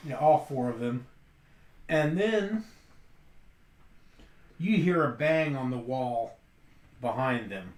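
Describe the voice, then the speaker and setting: A man narrating as game master of a tabletop role-play, in a halting way with frequent restarts. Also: mid-range voice, expressive. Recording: echoey room.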